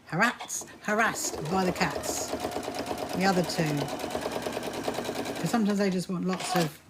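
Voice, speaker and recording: A woman's voice: lowish voice, measured pace, heavy background noise. A woman hosting a casual sewing live stream from home, chatting with viewers and laughing often.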